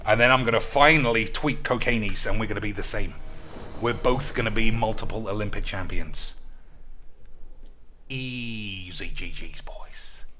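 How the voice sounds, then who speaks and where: A young man ranting as a podcast host, loud and swaggering, with sudden shouts and crude jokes. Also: on the low side, slight background noise. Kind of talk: crude comedic banter.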